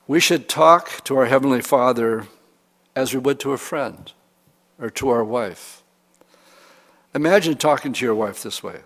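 A man's voice: medium pitch, normal speed, a bit bright. Pastor guy giving a sermon, casual and jokey, mid voice, big echoey church hall. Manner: conversational preaching with humor and quoted examples. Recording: reverberant hall.

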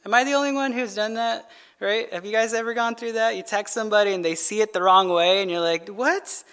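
A man's voice: high-pitched, steady tone, quick pace, a bit bright, clear, resonant tone. A male pastor preaching a midweek sermon in a loose conversational way, asking "right?" over and over and adding jokey asides to the congregation.

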